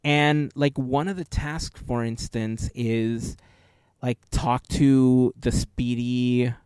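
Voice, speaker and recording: Man, podcast host, mid-pitched voice, casual rambling chat, dry close mic. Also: fairly even intonation, takes it slowly, a little mellow, clean tone, dry recording. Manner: rambling, self-correcting storyteller.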